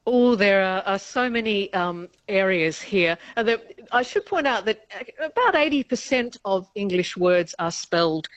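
A woman's voice: mid-range voice, expressive, moderate pace, hardly any pauses, no room sound. A woman professor of linguistics answering radio interview questions in a chatty, explanatory way, laughing often mid-sentence.

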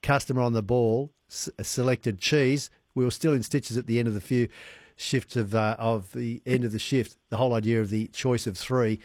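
A man hosting a casual radio chat, chatty and quick to laugh. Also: medium pitch, steady tone, a little mellow, no echo. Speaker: radio host.

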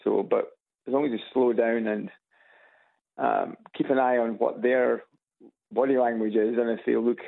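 A Scottish man calls in to a radio show, his husky, gravelly voice coming through a tinny phone line. He speaks earnestly and pauses now and then to find his words. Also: mid-range voice, steady tone. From Scotland. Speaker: caller.

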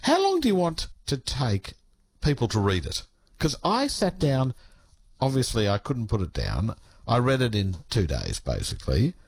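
A man hosting an interview, asking animated, enthusiastic questions. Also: mid-range voice, normal speed, a little hiss or hum. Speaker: interviewer host.

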